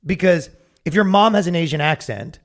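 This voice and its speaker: A man's voice: a little high, animated, normal speed. A man hosting a casual comedy podcast, rambling and swearing, acting out quotes in sudden bursts. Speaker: podcast host.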